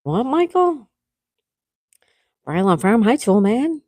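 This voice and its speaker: A woman's voice: fairly high pitch, big pitch swings, slow pace, no room sound. Chatty woman greeting her viewers. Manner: chatty, greets viewers by name, scolds her dog gently. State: clearing throat, sore throat coming on. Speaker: livestream host. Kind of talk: casual chat with live viewers.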